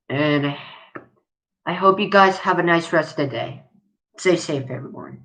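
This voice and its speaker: Slow-talking woman ranting indignantly. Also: low-pitched, fairly bright tone, poor audio. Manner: indignant, profane, repeats herself. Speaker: vlogger. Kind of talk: angry video rant.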